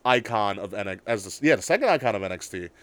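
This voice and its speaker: A young man chatting casually as a podcast co-host, telling an excited story with lots of swearing and bursts of loud laughter. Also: lowish voice, fast, dry recording. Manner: excitable storyteller, swears a lot, shouts when worked up. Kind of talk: casual chat.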